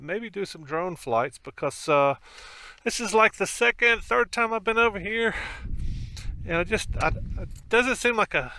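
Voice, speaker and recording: A man's voice: a little high, bright, forceful tone, clear, resonant tone, dry recording. A man riding a motorcycle outdoors on a country road, talking through a helmet mic in rambling, casual commentary with many fillers. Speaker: motorcycle vlogger. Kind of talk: casual ride-along commentary.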